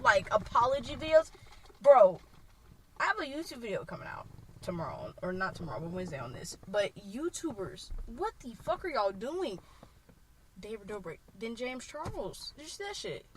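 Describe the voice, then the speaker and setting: A young woman co-hosting a podcast, chatting casually and animatedly, swearing freely and acting out quotes in a loud voice. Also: sits high, big pitch swings, moderate pace, slight background noise, rough recording. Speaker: podcast co-host. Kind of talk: casual chat.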